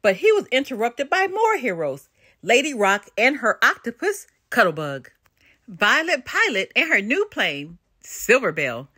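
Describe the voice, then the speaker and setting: An older woman narrating a children's picture book in an expressive, animated read-aloud style. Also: fairly high pitch, measured pace, slightly rough, no room sound, studio quality. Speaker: storybook reader.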